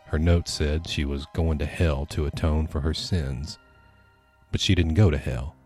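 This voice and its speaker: Very deep-voiced male storyteller. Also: fairly even intonation, unhurried, darkish tone, faint music behind. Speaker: podcast storyteller. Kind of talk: scripted horror story narration.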